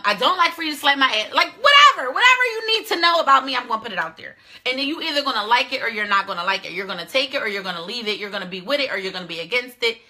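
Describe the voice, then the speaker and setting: A woman's voice: a little high, bright, forceful tone. A woman hosting her own show, giving blunt, profane dating advice in a casual monologue. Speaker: show host.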